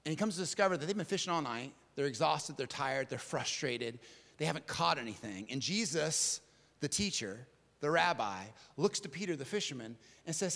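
High-voiced preacher in an echoing hall. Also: male voice, animated, normal speed, gravelly. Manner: dramatic, shifting from emphatic to hushed. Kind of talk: sermon.

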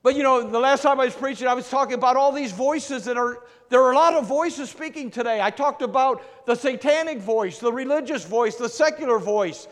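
A man preaching a sermon, shifting between loud emphatic lines and hushed low ones. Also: fairly quick, hardly any pauses. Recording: long reverb of a large hall.

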